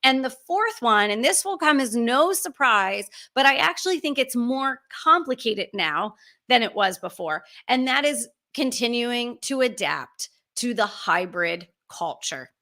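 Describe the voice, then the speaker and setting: Woman, business coach, bright forceful tone, slightly high voice, emphatic, rhetorical questions. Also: big pitch swings, unhurried. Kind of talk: direct-to-camera talk.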